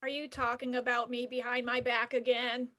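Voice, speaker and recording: A woman's voice: a little high, little pitch movement, moderate pace, a bit bright. A woman performing improv comedy and introducing a game over a video call, with formal phrasing.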